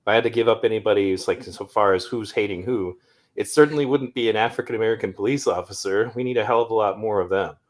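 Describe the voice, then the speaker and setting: Low-voiced argumentative political guest. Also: male voice, quick pace. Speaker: guest commentator. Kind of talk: political discussion.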